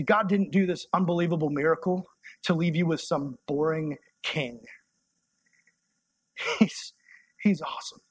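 A man's voice: on the high side, slightly rough, no echo. Impassioned young male preacher. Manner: impassioned, conversational preaching that drops to soft, intimate tones. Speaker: youth pastor. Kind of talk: sermon.

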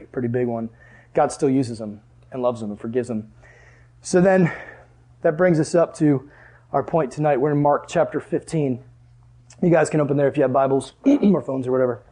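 A young man preaching to a youth group, telling a funny story and acting out both sides of the conversation. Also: brisk. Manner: animated, jokey, acts out dialogue with big pitch jumps. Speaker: youth pastor. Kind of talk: sermon with storytelling.

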